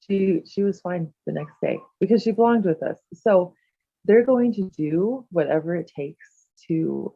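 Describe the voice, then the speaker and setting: A woman, a podcast guest who heals and talks with animals, speaking softly and haltingly with lots of fillers. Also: low-pitched, no room sound, phone-quality sound. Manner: soft, halting, many fillers and "like". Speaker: guest, shamanic healer and animal communicator. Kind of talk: casual chat.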